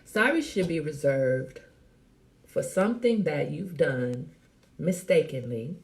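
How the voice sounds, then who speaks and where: A middle-aged woman hosting a casual live chat, teasing and animated, talking straight to her viewers by name. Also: deep voice, slow pace, gravelly. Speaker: host.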